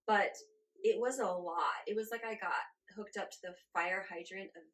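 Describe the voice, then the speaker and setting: Woman in her 40s telling her story on an interview, lively, laughs a lot, mid pitch. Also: moderate pace. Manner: animated, laughs often, acts out her own past reactions. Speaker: guest channeler.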